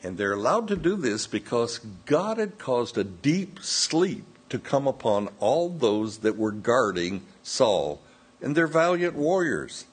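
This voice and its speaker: A man preaching a sermon, slowly retelling a scripture story and voicing its quoted dialogue. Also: medium pitch, slightly rough. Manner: slow, measured retelling with quoted dialogue and self-corrections.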